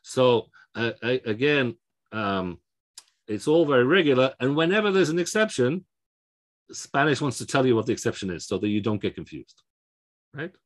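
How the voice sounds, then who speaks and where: A man's voice: mid-range voice, very animated, moderate pace. A man teaching Spanish pronunciation in a lecture, explaining rules step by step and often checking in with "okay?". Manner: explanatory, frequent fillers and restarts, checks in with okay. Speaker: Spanish language instructor.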